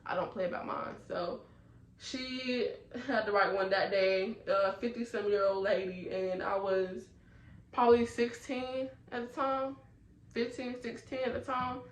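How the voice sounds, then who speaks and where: A young woman, from North Carolina, telling a storytime tale in an animated way full of fillers. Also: a little high, a little slow, echoey room, a little hiss or hum, low-quality recording. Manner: animated, talks her way through the story with many fillers. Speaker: vlogger. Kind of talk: storytime chat.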